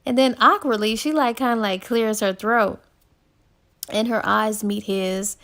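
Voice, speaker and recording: A woman's voice: a little high, steady tone, a little slow, a bit bright. A woman casually retelling a novel's plot as a book reviewer, chatty and laid-back, full of ums and likes.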